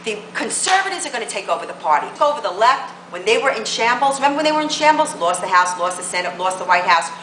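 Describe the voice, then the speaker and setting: A woman's voice: medium pitch, big pitch swings, fast, few pauses, sharp tone, roomy sound, slight background noise, low-quality recording. A woman political blogger delivering a combative rant to camera, full of emphatic rhetorical questions.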